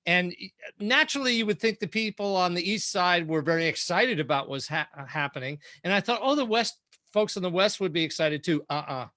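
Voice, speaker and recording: A man speaking as a guest and keynote speaker in a casual roundtable, telling lively stories. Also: high voice, a little fast, no echo. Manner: lively anecdotal storytelling.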